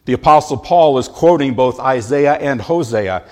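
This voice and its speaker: A man preaching a sermon, leaning hard on key words and stretching them out slowly for emphasis. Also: medium pitch, expressive, darkish tone. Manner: slow, emphatic delivery, drawing out key words.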